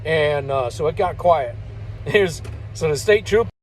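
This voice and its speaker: A man's voice: on the high side, animated, unhurried, breathy edge, rough recording. An older man, a truck driver, telling stories in a rambling, folksy way and chuckling between remarks. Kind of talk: casual spoken storytelling.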